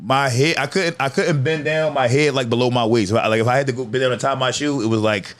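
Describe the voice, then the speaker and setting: A man's voice: mid-range voice, steady tone, fast talker, fairly bright tone. A man in his thirties telling stories in a casual, profane podcast chat, laughing as he goes. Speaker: podcast guest, comedian.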